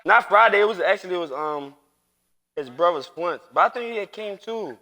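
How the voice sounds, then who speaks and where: A man's voice: sits high, expressive, brisk, gravelly, pushed and bright. A man chatting casually while gaming on a live stream, rambling and teasing with lots of profanity. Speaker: streamer and father.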